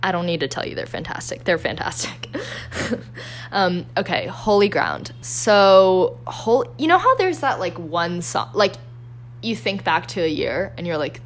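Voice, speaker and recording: A woman's voice: lowish voice, very animated, unhurried, a little hiss or hum. Chatty young woman, self-deprecating podcaster. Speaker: podcast host. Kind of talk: casual solo podcast chat.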